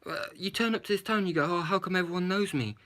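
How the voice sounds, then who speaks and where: A man's voice: high-pitched, fast talker, fairly bright tone. Man, casual film review rant, sarcastic and blunt, sweary. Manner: blunt, sarcastic, swears, tag questions like "yeah?". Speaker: movie reviewer.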